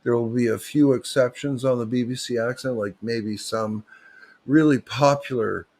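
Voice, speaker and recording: A man hosts a livestream, rambling from one topic to the next. His talk is loose and joking, with plenty of restarts. He speaks at a medium pitch into a desk mic. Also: steady tone, normal speed, darkish tone. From Canada. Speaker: livestream host.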